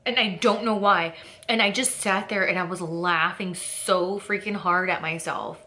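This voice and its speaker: A young woman from California rambles candidly to her camera, full of fillers and quick to laugh at herself. Her voice is bright and a little sharp. She talks at a slow, drawn-out pace. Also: lowish voice, steady tone, a little hiss or hum. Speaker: vlogger. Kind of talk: casual chat to camera.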